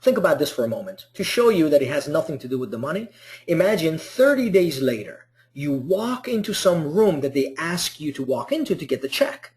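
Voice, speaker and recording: Male instructor, motivational lecture, animated delivery, warm and mellow. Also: on the high side, fairly quick. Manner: animated, rhetorical questions, acts out scenes. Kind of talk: online class lecture.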